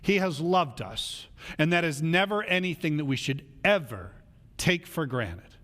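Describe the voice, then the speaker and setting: A man's voice: on the high side, sing-song, measured pace, a bit bright, in a large hall. A male pastor preaching a casual, conversational sermon in a church, acting out the voices of people he quotes.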